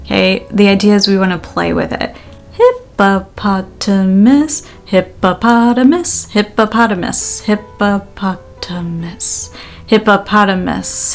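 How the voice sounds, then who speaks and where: A woman teacher giving a relaxed pronunciation lesson, slowly drilling words syllable by syllable and laughing often. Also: medium pitch, vocal fry. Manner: slow, deliberate drilling with frequent laughs. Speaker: language teacher.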